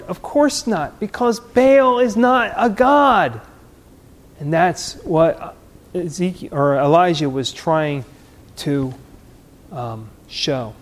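High-voiced man preaching slowly. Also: expressive. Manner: dramatic, storytelling, swings loud and soft. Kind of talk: sermon. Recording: long hall reverb.

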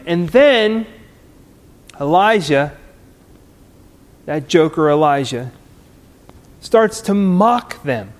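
Brief: male preacher, high voice, slow deliberate delivery, dramatic sermon, hall reverb. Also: expressive. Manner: dramatic, storytelling, swings loud and soft.

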